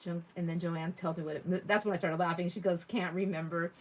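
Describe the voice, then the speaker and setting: A fast-talking middle-aged woman with a fairly low, fairly even voice chats her way through a casual crafting livestream. She laughs often and reads out comments from viewers while she works.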